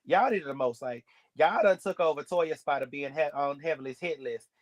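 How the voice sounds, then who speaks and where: A man's voice: fairly high pitch, a little fast. A man giving a sassy, blunt, gossipy recap of a reality show episode. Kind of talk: casual recap commentary.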